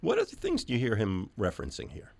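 A man's voice: fairly low pitch, wildly swooping pitch, quick pace, creaky, darkish tone. A man hosting a radio music show, talking casually with many fillers. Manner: loose, chatty, many fillers. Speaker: radio host. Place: radio studio.

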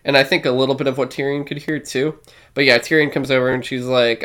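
A man co-hosting a podcast in casual chat, retelling scenes in an animated, profane way. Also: medium pitch, fast. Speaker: podcast co-host.

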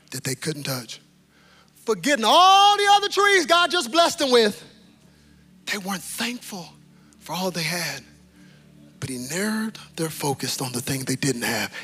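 A man preaching a sermon as pastor, moving between hushed lines and near-shouting. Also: fairly high pitch. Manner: impassioned, swings from hushed to shouting.

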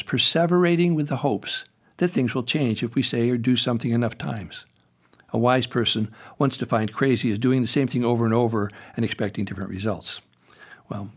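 Earnest older man explaining songs. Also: medium pitch. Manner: earnest, explanatory, gently preachy. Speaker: host and children's songwriter. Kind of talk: reflective spoken commentary.

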